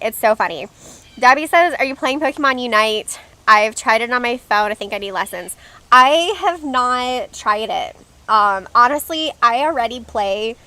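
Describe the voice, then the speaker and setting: A woman's voice: fairly high pitch, bright, forceful tone, no room sound. A young woman hosting a casual game livestream, chatting with viewers and reading their comments aloud. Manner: chatty and giggly, reads out chat comments. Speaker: livestream host.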